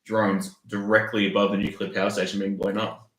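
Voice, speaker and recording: An Australian man explaining video clips in an easygoing, halting way during a casual home livestream. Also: lowish voice, little pitch movement, reverberant, noisy background. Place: room at home with dogs.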